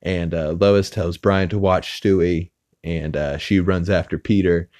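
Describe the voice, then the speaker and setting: A man's voice: low-pitched, fairly even intonation, measured pace, darkish tone, no room sound. A man hosting a podcast, casually recapping a TV episode with many filler words and restarts. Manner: rambling, lots of "uh" fillers. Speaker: podcast host. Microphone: podcast mic.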